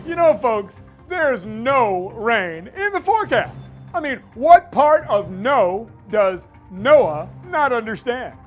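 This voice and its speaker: A man's voice: very high voice, sing-song, takes it slowly, hardly any pauses, soft background music, exaggerated voice. A man playing a cocky, boastful male TV weatherman in a kids' church comedy skit, with a smug, chuckling newscaster delivery.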